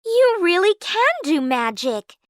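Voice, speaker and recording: A woman's voice: extremely high pitch, big pitch swings, takes it slowly, a bit bright, dry recording, studio quality, pitched above the performer's own voice, heavily acted. A woman voicing a young, put-upon heroine who is sweet but wry. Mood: earnest.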